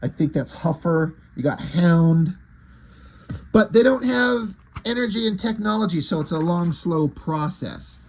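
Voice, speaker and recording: A man's voice: sits high, lively intonation, a little slow, creaky, darkish tone, slight background noise. A man casually recapping and reviewing a comic book, chatty with fillers and some swearing.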